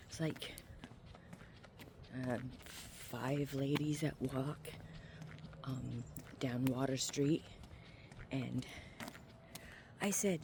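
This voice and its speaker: Her phone's mic catches a woman from Maine outside, faint ambient noise in the background, as she walks a small-town street. A vlogger with a low voice and no hurry, she rambles with lots of ums and likes and sometimes hushes her voice.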